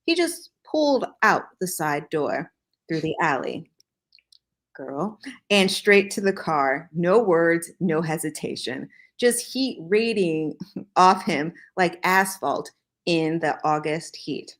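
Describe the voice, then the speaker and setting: Slow, low-voiced woman reading aloud. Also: lively intonation. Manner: slow, dramatic reading with joking asides. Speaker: host reading fan fiction aloud. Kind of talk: casual reading aloud with asides.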